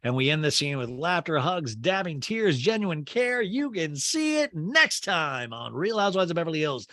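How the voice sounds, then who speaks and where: A man hosting a podcast, recapping a reality show in a wry, animated, joking way. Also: on the high side, normal speed, no echo, studio quality. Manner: wry, animated storytelling with imitated quotes. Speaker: podcast host. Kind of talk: comedic TV recap.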